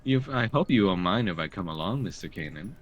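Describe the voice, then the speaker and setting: A flirtatious circus dancer with a teasing, coy lilt, as a game master puts her on. Her voice is low for a woman and sits a little softer than the narration around it. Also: expressive, a little fast, highs cut off, soft background music. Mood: flirty. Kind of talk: tabletop role-play.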